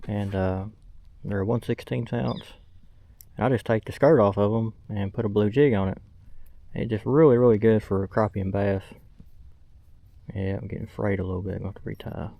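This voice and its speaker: A man's voice: on the low side, steady tone, normal speed, creaky, pauses often, mellow. A young man, talking casually to a camera mounted on his kayak outdoors as he fishes, plainspoken with lots of fillers. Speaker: fishing vlogger. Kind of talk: casual outdoor vlog narration.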